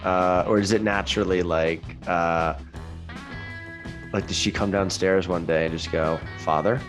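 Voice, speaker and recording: Brief: male co-host, slightly low voice, laid-back friendly banter, soft guitar music bed. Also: fairly even intonation, rough recording. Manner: friendly, quick to laugh, calls people dude. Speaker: podcast co-host. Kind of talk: casual podcast chat.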